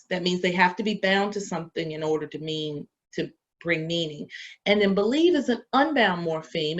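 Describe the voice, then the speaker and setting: Woman, lecturing professor, middle pitch, quizzes students then answers, muffled lo-fi recording. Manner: quizzing, asks questions and answers them herself. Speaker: education professor. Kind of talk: lecture to teacher candidates.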